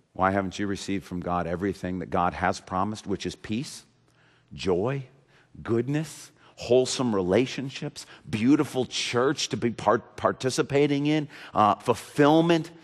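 A man preaching a sermon from the pulpit, earnest and repetitive, rising to emphatic peaks and dropping to a hush. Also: mid-range voice. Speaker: pastor. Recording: long reverb of a large hall.

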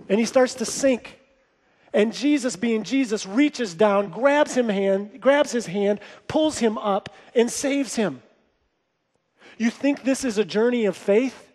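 A man's voice: high-pitched, normal speed, darkish tone. A man preaching a sermon as a pastor, telling a story and retelling scripture in casual everyday words. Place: church sanctuary. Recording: long reverb of a large hall.

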